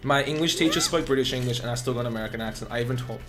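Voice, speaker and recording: A man's voice: mid-range voice, racing, over music. An Australian man, a speedrun streamer, chatting casually and rambling as he answers his live chat.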